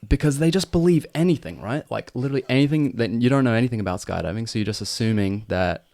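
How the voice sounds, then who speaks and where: A man's voice: mid-range voice, animated, a little mellow, dry recording. A man guesting on a podcast, chatting casually and often tagging lines with "right?". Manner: quick, loose, says "right?" often. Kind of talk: casual chat.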